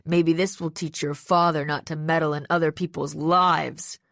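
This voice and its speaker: A woman's voice: sits low, fairly even intonation, moderate pace, gravelly, fairly bright tone, no room sound, clean studio sound. A woman voicing a smug young male villain in an audiobook, speaking sarcastically and mockingly. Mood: sneering. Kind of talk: audiobook character voice.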